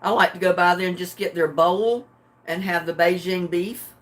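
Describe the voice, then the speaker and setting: Livestream host, older woman, homey easygoing chatter, relaxed and a bit sleepy. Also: fairly low pitch, moderate pace. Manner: chatty, homey, chuckles often. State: drowsy and relaxed. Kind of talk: casual chat with live viewers.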